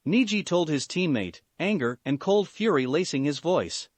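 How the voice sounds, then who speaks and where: A man narrating a fan fiction story aloud as host of a story channel, in an animated reading. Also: on the high side, normal speed, hardly any pauses, no room sound.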